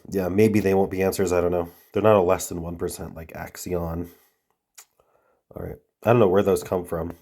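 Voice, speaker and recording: Congested man with a low voice, thinking aloud. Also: darkish tone. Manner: muttering, trailing off, reading words aloud. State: congested from a cold. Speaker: puzzle-solving video host. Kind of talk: thinking aloud while solving word puzzles.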